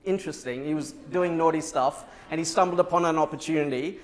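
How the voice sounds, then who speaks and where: On a conference stage, a man delivers a motivational keynote, telling a lively story and acting out the dialogue. His pitch is fairly high and his pace brisk.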